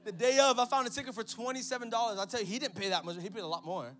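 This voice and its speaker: A man preaching an energetic sermon in church, telling a story and calling out to the congregation. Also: high-pitched, very fast. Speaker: pastor.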